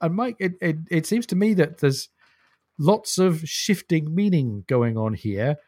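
A man's voice: a little high, animated, unhurried, dark tone, no echo, studio quality. A man co-hosting a casual book discussion podcast, thoughtful and explanatory, often chuckling as he talks. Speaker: podcast co-host.

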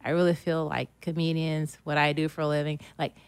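A woman's voice: sits low, flat delivery, a little fast, smooth, no echo. A woman guest on a podcast in casual chat, speaking earnestly and motivationally, often repeating her key phrases.

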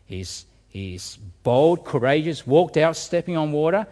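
A man's voice: a little high, sing-song, a little slow, darkish tone. A man preaching a sermon, asking rhetorical questions and often repeating words as he restarts. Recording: reverberant hall.

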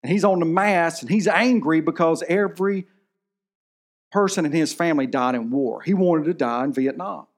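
Slightly high-voiced preacher in his forties. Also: moderate pace. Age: 40s. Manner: conversational preaching, storytelling with movie anecdotes. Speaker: pastor. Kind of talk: sermon.

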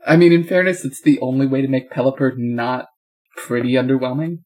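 Man, podcast co-host, wry, rambling, mid-pitched. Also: steady tone, brisk, darkish tone. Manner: wry, rambling, self-correcting. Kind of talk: casual chat.

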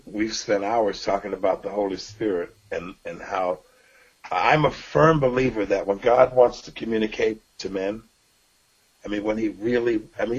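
A man's voice: lowish voice, muffled recording. A man co-hosting a faith-based talk show, speaking in an earnest, preaching way. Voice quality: raspy. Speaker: co-host.

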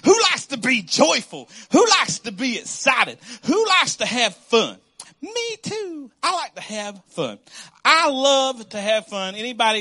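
A man's voice: very high voice, pushed and bright. A man preaching a sermon, joking and asking the congregation questions. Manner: joking, call-and-response with congregation. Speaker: pastor.

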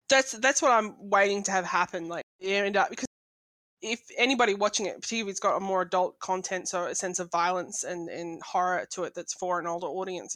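Sex: woman. Role: bright-voiced guest author. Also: lowish voice, dry recording. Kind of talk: casual chat.

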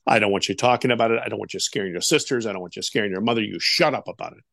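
Man doing a stern father: low, gravelly, emphatic scolding. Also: racing, fairly bright tone, no echo, studio quality. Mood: stern warning. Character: stern 1970s father warning his son.

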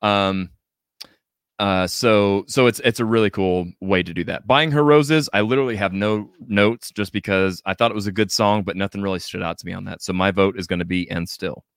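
A low-pitched man hosting a podcast over a video call, talking casually and enthusiastically with lots of ums and restarts. His voice is dry and close, with no room sound. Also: fairly quick, clean tone, dry recording. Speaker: podcast host.

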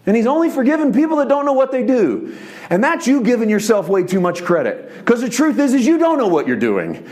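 Male pastor, animated sermon delivery, very lively intonation. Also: fast. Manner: animated preaching, shifts between soft low tones and raised emphasis; voices quoted speech in a conversational preacher's tone.

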